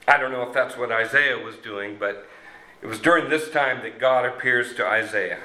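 A man preaching a sermon, slow and halting with many fillers and restarts. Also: mid-range voice, pushed and bright, reverberant, a little hiss or hum, poor audio. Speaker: pastor.

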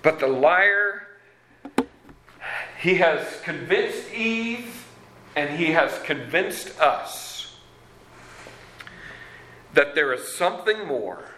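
Pastor guy giving a sermon, bright voice that swings up and down a lot, kinda roomy echo. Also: a little high, expressive, very slow, pauses often, a little hiss or hum.

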